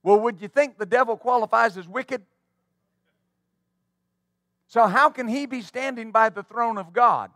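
A man's voice: extremely high pitch, measured pace, pauses often, a bit bright, no room sound, studio quality. A male pastor preaching a sermon fervently, with call-and-response asides to the congregation.

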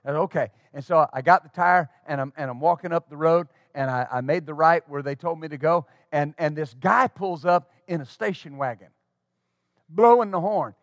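High-voiced animated preaching man. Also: moderate pace, dry recording. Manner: folksy, animated storytelling with frequent restarts. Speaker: pastor. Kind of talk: storytelling sermon. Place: church.

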